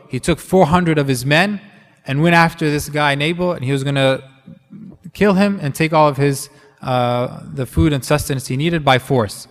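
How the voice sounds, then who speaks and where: A man's voice: on the high side, moderate pace. Man preaching in a reverberant hall. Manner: conversational, many fillers and restarts. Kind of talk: sermon.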